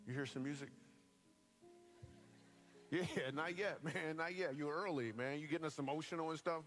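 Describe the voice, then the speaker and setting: A man in his thirties preaching a sermon to a live church audience, telling funny stories with lively joking asides. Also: on the high side, faint music behind. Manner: animated storyteller, bursts of quick delivery and joking asides.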